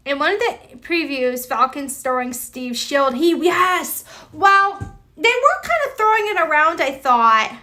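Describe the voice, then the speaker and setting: This high-voiced woman speaks in a sing-song way at a measured pace, chatting live with her viewers. She's bright and forceful yet casual and rambling, saying "like" a lot and restarting as comments come in.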